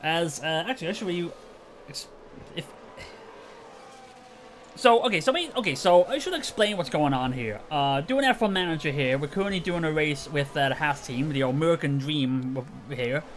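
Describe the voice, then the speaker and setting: A Northern Irish man talks casually on a live stream in the small hours, tired and rambling, laughing at himself. His voice sits a little high for a man, with a faint hiss of noise behind it. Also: expressive, normal speed. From Northern Ireland. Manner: rambling, self-mocking, chuckling.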